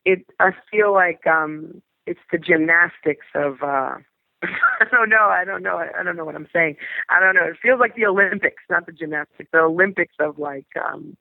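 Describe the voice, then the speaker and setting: A woman actor from New Orleans, USA, tells a story in an interview over a phone line with a tinny, dry sound and no room noise. Her voice is gravelly and fairly low at a normal speed, and she rambles and searches for words, with many trailing restarts.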